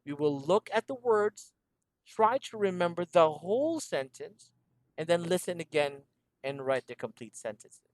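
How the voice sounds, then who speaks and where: Guy tutoring english on a video call, bit high pitched, patient, laughs a lot. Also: big pitch swings, normal speed, no echo. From Philippines. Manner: patient, repeats instructions, laughs often. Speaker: English teacher. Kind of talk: online one-on-one English lesson.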